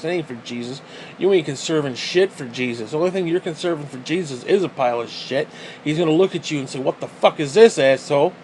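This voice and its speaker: A man's voice: mid-range voice, slight background noise, low-quality recording. A man giving a heated, profane monologue as a vlogger, often repeating himself as he talks. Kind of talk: ranting monologue.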